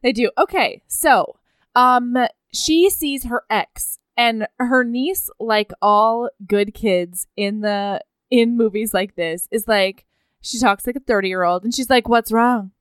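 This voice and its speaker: A woman's voice: fairly high pitch, slow pace, clear, resonant tone, dry recording, studio quality. A woman co-hosting a podcast, playfully retelling a movie plot in casual chat and giggling often. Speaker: podcast co-host.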